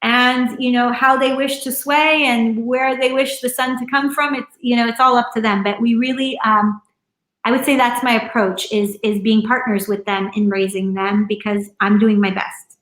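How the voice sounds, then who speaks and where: A woman's voice: a little high, steady tone, normal speed, a bit bright. Earnest woman guest, echoey room. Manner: earnest, rambling, many fillers. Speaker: interview guest. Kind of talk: casual conversational interview. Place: room at home.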